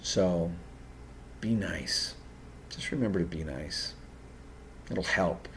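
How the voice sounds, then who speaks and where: Low-voiced male host, unscripted and direct, earnest advice with halting restarts; slight background noise. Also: animated, vocal fry. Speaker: video host giving personality-type advice.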